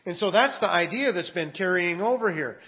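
A pastor preaching a conversational sermon, full of rhetorical questions and restarts. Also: male voice, high voice, expressive, brisk, dull audio.

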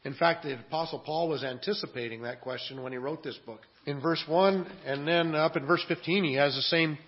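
A man's voice: a little high, a little fast. Earnest preacher man, lo-fi audio. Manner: earnest preaching, swings from quiet asides to loud emphatic scripture reading. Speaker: pastor. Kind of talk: sermon.

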